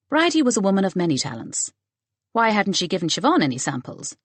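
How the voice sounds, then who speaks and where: Expressive woman audiobook narrator. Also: medium pitch, a little fast, breathy edge, no echo. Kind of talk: scripted narration.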